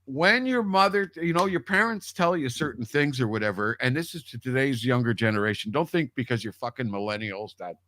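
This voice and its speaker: A man's voice: mid-range voice, a little fast, few pauses, pushed and bright, no echo. A man telling a long personal story in casual radio chat, rambling with restarts and swearing freely. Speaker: radio show guest.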